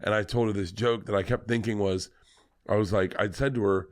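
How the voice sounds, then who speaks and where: A comedian on a podcast telling a long personal story in a casual, animated, swearing manner. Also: male voice, lowish voice, brisk. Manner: animated, profane, fillers like "like".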